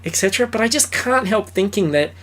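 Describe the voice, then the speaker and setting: A man's voice: high voice, expressive, fast talker, fairly bright tone. A man co-hosting a film review podcast, talking in a loose, rambling way with fillers, restarts and casual swearing. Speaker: podcast co-host.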